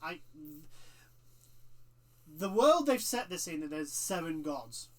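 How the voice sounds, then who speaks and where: A man's voice: fairly high pitch, sing-song, slow, a bit bright. A man co-hosting a casual chat about video games, trailing off mid-sentence. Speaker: co-host.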